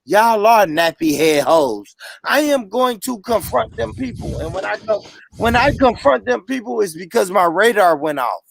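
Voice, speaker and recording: A man's voice: high voice, animated, normal speed, creaky, a bit bright, breathy edge, no echo. A man hosting a heated casual debate, emphatic and repetitive, often cutting in and swearing. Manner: emphatic, repetitive, interrupting, profane. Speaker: podcast host.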